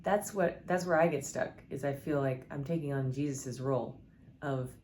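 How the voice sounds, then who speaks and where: Low-voiced middle-aged woman telling devotional stories. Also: normal speed, a little mellow, slight background noise. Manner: earnest, candid, with many fillers and restarts. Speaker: scripture storyteller. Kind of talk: personal devotional storytelling.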